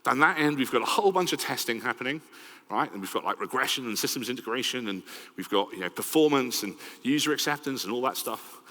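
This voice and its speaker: A middle-aged man with a Welsh accent giving a lively, conversational conference talk and often checking in with "right?". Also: mid-range voice, fast. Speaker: conference speaker. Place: large conference hall. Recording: long hall reverb.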